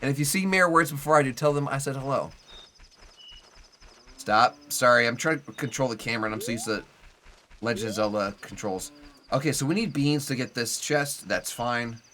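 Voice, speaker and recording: A man's voice: mid-range voice, normal speed, bright, forceful tone, a little hiss or hum. A young adult man streaming a video game live, chatting loosely with viewers and rambling with lots of "like" fillers. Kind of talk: casual live gameplay commentary.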